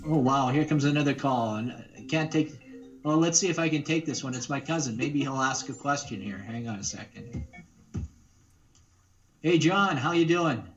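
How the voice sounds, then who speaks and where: A man's voice: medium pitch, moderate pace, muffled recording, soft background music. A man who is a guest voice actor, chatting casually and joking around with playful bits. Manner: jokey, breaks into silly voices and songs. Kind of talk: casual chat.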